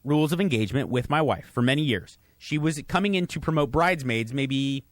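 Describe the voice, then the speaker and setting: Man, middle-aged, halting self-deprecating storyteller, lively pitch, dry studio mic. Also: no room sound. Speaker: guest, radio host. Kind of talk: casual podcast chat.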